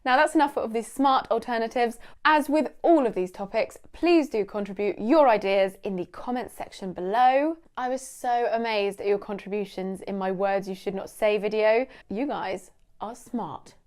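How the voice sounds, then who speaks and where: A woman's voice: medium pitch, normal speed, hardly any pauses, darkish tone. A young British woman teaching English vocabulary in a casual, playful way, laughing often.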